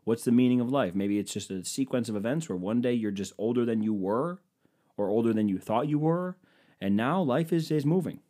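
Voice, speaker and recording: A young man in his twenties hosts a podcast from home, talking straight into a computer mic. His voice sits mid-low and swings widely up and down as he tells self-mocking stories. He rambles and swears freely. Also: a little mellow. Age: 20s. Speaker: podcast host. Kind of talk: casual comedic monologue. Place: indoors at home. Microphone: microphone hooked up to a computer.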